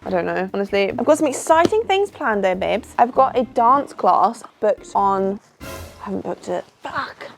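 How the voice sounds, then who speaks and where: Faint music sits behind this young British woman's mid-range, gravelly voice, which has lively intonation and a moderate pace. A vlogger in her twenties, she's tired from little sleep and chats casually to camera, poking fun at herself and skipping between topics.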